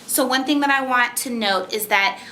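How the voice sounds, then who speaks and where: Bright-voiced woman explaining patiently. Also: on the high side, normal speed, a little hiss or hum. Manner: patient, encouraging, explains step by step. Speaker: teacher. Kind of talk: instructional explanation with reading aloud. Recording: echoey room.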